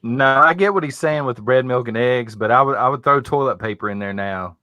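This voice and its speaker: An easygoing man co-hosts a casual chat and passes along questions from viewers. His voice is bright and forward, and it sounds dry with no room around it. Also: medium pitch, brisk, no echo.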